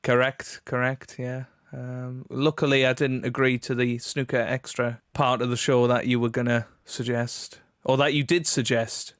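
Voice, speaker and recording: A man co-hosting a snooker podcast in casual chat, measured and opinionated, with a teasing side. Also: medium pitch, little pitch movement, a bit bright, dry recording, clean studio sound. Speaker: podcast co-host.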